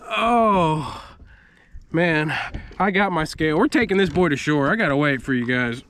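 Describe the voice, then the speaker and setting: A man, excitedly narrating his own fishing vlog from a kayak on a river at night, often exclaiming and laughing. He is recorded on an action camera. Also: a little high, measured pace, long pauses, a little hiss or hum. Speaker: fishing vlogger. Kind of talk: excited outdoor vlog commentary.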